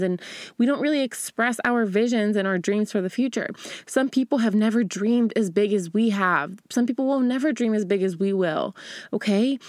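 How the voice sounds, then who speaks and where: A woman's voice: on the high side, a little mellow, no room sound, clean studio sound. A young woman hosting a motivational solo podcast, chatty and upbeat, talking straight to the listener as "girl" and often tagging "right?" onto her points. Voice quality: casual slang, "stoked", "hella". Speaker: podcast host.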